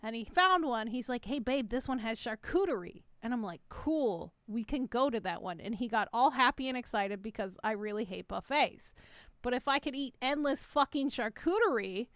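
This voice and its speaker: A young woman tells a rambling story on her podcast in a bright, high voice, laughing and swearing freely as she goes. The sound is dry and close, with no room around her. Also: expressive, moderate pace, no echo. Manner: swears often, laughs through stories. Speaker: podcast co-host. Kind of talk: casual chat.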